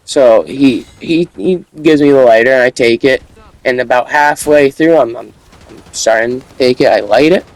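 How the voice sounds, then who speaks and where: Young guy, middle pitch, casual storytime monologue, rambling, slangy, stumbles over his words. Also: normal speed, no echo, poor audio.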